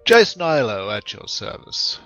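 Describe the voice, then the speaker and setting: A man voicing a polite male adventurer who speaks formally and hesitantly, halting often. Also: mid-range voice, sing-song, bright, forceful tone, dull audio, soft background music, exaggerated voice. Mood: formal, evasive.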